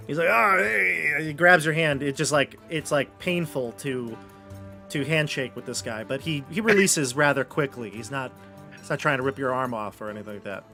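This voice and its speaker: A man's voice: medium pitch, fairly quick, sharp tone, soft background music. A man narrating a tabletop role-playing game as game master, in rambling, chatty descriptions full of fillers.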